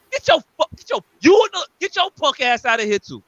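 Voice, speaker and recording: A high, bright male voice drives an angry, profane rant on a podcast. He circles back to the same points again and again. The recording is dry and a little dull, like lo-fi podcast audio. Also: big pitch swings, moderate pace, no echo. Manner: angry, profane, repetitive ranting. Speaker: podcast co-host.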